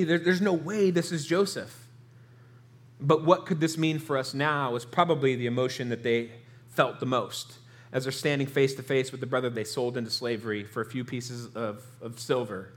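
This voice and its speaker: A man preaching a sermon, retelling a scripture story and acting out the characters' pleading lines. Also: mid-range voice. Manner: storytelling, acts out quoted lines with rising emotion. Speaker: pastor.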